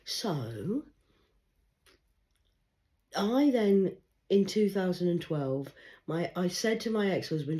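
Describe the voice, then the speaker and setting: A woman, reading tarot cards in a rambling livestream monologue, swinging between loud urgency and hushed murmurs. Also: fairly low pitch, sing-song, slow pace, long pauses. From England. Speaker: tarot card reader.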